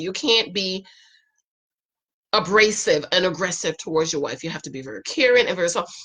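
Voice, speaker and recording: A middle-aged woman chatting casually as she recaps a reality show, animated and acting out what others say. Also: lowish voice.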